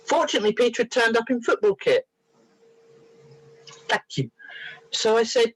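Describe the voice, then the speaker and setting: A woman's voice: a little high, animated, moderate pace, long pauses, slightly rough, dry recording, rough recording. A middle-aged woman, sharing therapy stories as a guest on a talk show. Her voice swoops up and down with energy as she acts out the people in her stories. The sound is close and dry, with no room around it. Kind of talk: animated storytelling.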